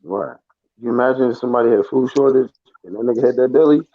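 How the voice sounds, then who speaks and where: A man on a live stream, trading fast, slangy, teasing banter with his friends. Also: medium pitch, dry recording, dull audio. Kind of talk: casual chat on a live stream.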